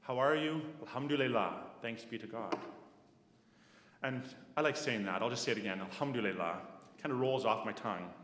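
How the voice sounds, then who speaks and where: A man from Canada preaching a sermon, slow and measured, repeating key phrases and dropping to soft asides. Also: on the low side. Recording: echoey hall with long reverb.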